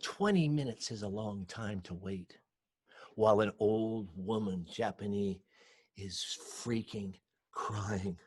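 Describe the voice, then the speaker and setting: A man with a Hawaiian Pidgin accent telling a story aloud, acting out voices and dropping to hushed whispers. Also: fairly low pitch, takes it slowly, husky. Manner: animated, acts out voices, shifts from shouts to hushed whispers. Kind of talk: oral storytelling. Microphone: home recording for video call show.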